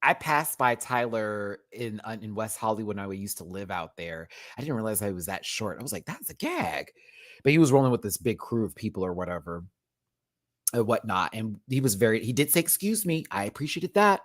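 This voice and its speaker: A man hosting a casual live-stream review, chatty and sassy, calling viewers honey and child, often swooping up into high exclamations. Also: expressive, brisk, dry recording, studio quality. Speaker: show review host.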